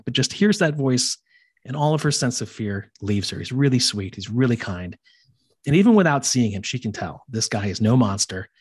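A man's voice: medium pitch, slightly rough. A man hosting a podcast, casually retelling a myth with chatty asides. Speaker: podcast host.

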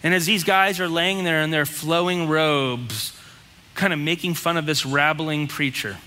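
Bright-voiced man preaching in a hall. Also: on the high side, unhurried. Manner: blunt, conversational preaching with rhetorical questions. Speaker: pastor. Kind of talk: sermon.

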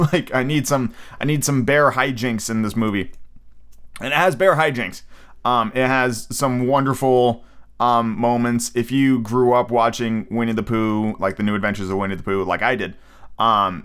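A man's voice: medium pitch, fairly even intonation, normal speed, fairly bright tone, smooth. A man hosting a solo podcast in a casual, rambling way, with lots of fillers and restarts. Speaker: podcast host.

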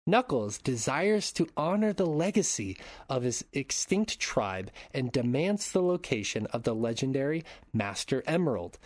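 A man's voice: mid-range voice, no room sound, studio quality. Crude joking male movie podcast host. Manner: crude joking, reads plot summaries aloud. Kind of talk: casual movie recap chat.

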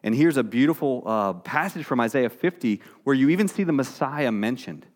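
A man's voice: medium pitch, expressive, a little fast. A man preaching a sermon in a conversational way, often restarting his phrases. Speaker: pastor.

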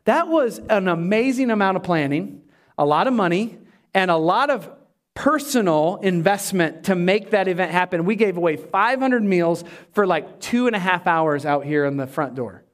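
A male pastor with a fairly high voice delivers a lively sermon. He acts out the characters with quick, animated asides, then sinks to a slow, hushed tone to drive a point home. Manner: drops to a hushed, slow voice for emphasis.

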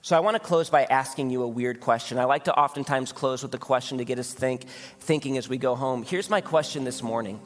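A man's voice: mid-range voice, brisk, long reverb tail. A man preaching a sermon as a pastor, in an earnest, conversational way full of rhetorical questions. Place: church sanctuary.

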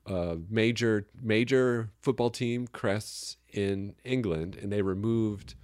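Low-voiced joking man co-hosting a podcast. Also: steady tone, slow, a little mellow, clean tone, dry recording, studio quality. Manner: joking, rambling, laughs often. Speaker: podcast co-host. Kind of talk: casual chat. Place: Chicago area.

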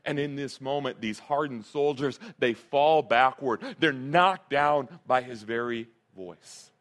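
A man's voice: medium pitch, unhurried, a bit bright. A male pastor preaching a sermon, earnest and emphatic, repeating his key phrases.

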